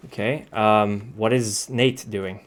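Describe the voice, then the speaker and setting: A man narrating a tabletop game as game master, relaxed and matter-of-fact, with frequent ums. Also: fairly low pitch, slow pace.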